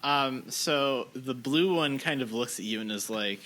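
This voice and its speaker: A man narrating as game master of a tabletop role-playing game, relaxed and full of fillers. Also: medium pitch, unhurried.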